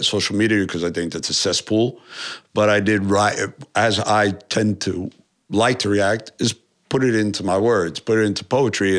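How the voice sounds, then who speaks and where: A man from New York, a musician, talking in a casual interview, animated, swearing often and rambling with many restarts. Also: fairly low pitch. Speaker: musician guest.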